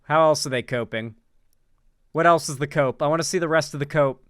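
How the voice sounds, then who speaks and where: Guy doing snarky commentary stream, smooth clear voice, kinda high, dry close mic. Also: brisk, a bit bright, no echo. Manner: sarcastic, mocking, laughs often. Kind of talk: casual commentary.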